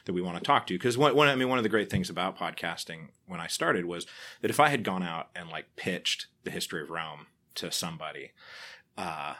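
A middle-aged man, a podcaster and author, talking casually in an interview, telling stories animatedly with many restarts. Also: sits low. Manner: animated storyteller, acts out quoted people, frequent restarts.

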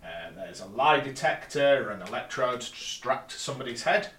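A man's voice: medium pitch, lively intonation, moderate pace, a bit bright. A man recapping an episode plot step by step on a casual podcast, with dry little asides. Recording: roomy, distant mic.

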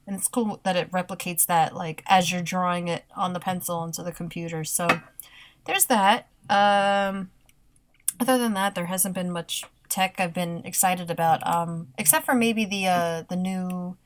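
Woman guest, lower voice, unhurried and halting, casual chat. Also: steady tone. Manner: hesitant, many fillers, laughs between words.

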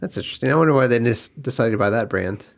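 A man's voice: medium pitch, animated, rapid-fire. Curious man with a mid-range voice. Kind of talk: casual podcast banter.

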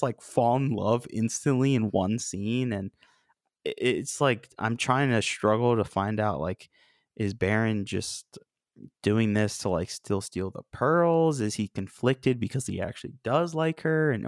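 A man casually discussing an old film with a co-host, animated and acting out the quoted lines. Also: medium pitch, measured pace, dry recording, clean studio sound.

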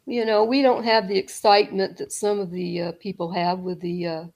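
A middle-aged woman telling a story as an interview guest, rambling, with restarts and soft laughs. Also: mid-range voice, level tone, moderate pace, vocal fry.

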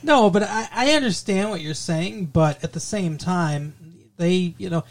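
A man's voice: high voice, unhurried. A male podcast co-host chatting casually about the news, rambling with many fillers and restarts, and cracking sardonic jokes.

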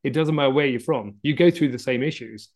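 Fast-talking gravelly male podcast host. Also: mid-range voice, a little mellow. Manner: affirming, sums up points with rhetorical tags. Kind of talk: casual interview chat.

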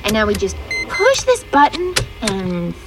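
A woman's voice: mid-range voice, huge pitch swings, a little slow, background noise. A woman hosting a children's wildlife show, presenting in a bubbly, playful way with comic asides. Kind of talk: playful scripted presenting for kids.

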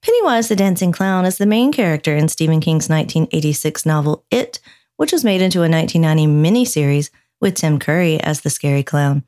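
A woman's voice: deep voice, animated, brisk, a little mellow. A woman co-hosting a podcast who reads news stories aloud and teases her co-host, laughing often. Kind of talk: casual chat and reading news aloud.

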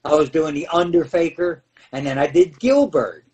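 High-voiced man telling lively wrestling stories. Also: moderate pace, highs cut off, slight background noise. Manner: animated, laughing, acting out scenes. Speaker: guest, former pro wrestler. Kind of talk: podcast storytelling. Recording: voice a bit far from the mic.

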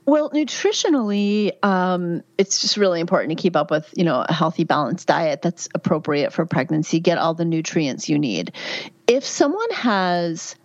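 Woman, fifties, lower-pitched voice, candid and chatty, dull dry recording. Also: sing-song, normal speed, dry recording. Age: 50s. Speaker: guest, midwife and health author. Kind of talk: conversational interview answers.

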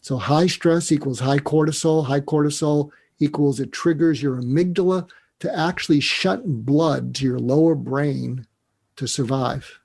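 A man's voice: fairly high pitch, a little slow, creaky, darkish tone, husky. A man talking as a psychiatrist guest on an interview show, explaining ideas earnestly and step by step, reflective in tone. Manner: earnest, reflective, walks through steps one by one; emotional when recalling a mentor.

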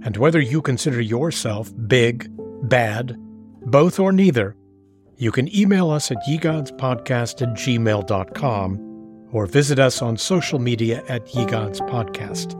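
A man's voice: medium pitch, expressive, unhurried. A man hosting a podcast, closing the episode and speaking directly to listeners in a friendly way. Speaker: podcast host. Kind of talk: show outro. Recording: voice over clear music.

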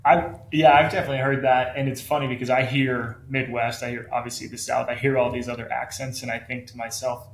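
A man's voice: medium pitch, flat delivery, fast talker, few pauses. A man chatting casually as a podcast guest, with laughing, self-deprecating asides. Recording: roomy echo with faint noise.

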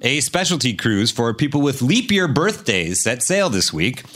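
A man's voice: medium pitch, very animated, normal speed, a bit bright. A man hosting a comedy news quiz, delivering scripted jokes with punch and laughing at his own lines. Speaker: quiz show host.

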